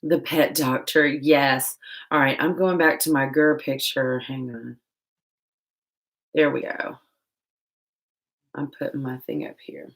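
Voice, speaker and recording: A woman hosting a casual livestream while painting, chatting loosely and joking at herself in quick asides. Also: extremely low pitch, fairly even intonation, vocal fry, a bit bright. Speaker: livestream host. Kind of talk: casual live-stream chat while painting.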